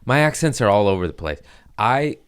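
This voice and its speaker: A male comedian hosting a podcast, talking in a loose, rambling way and sliding into goofy put-on voices. His voice sits low and sounds smooth and clean. The talk is casual and full of jokes. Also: big pitch swings, fairly quick, dry recording. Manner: rambling, jokey, slips into silly voices. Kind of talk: casual chat.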